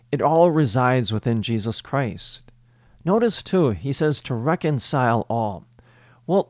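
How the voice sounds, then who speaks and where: Man, priest, homily, measured and emphatic, mid-pitched, dry close sound. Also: no room sound. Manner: measured, emphatic preaching with deliberate pauses.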